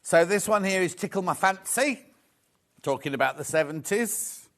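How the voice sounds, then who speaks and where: Chatty, lively man hosting a sales show. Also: high-pitched, moderate pace. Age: middle-aged. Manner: gushing, chatty, teasing the crew. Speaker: shopping channel host. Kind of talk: live sales presentation, chatty banter. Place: TV studio.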